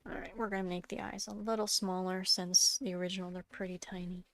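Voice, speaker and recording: A woman's voice: mid-range voice, level tone, fast, vocal fry. A woman with a congested voice chatting casually as she narrates her sculpting, searching for words and dropping into whispers now and then. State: congested, coughing. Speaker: sculpting vlogger.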